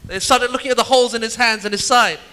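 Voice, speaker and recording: A man preaching a sermon in pauses for an interpreter, acting out scenes and dropping to a soft, slow voice for quoted words. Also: extremely high pitch, clear, resonant tone. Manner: animated, acts out scenes, drops to soft slow voice for Jesus' words. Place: church hall. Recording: echoey hall. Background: long hall reverb.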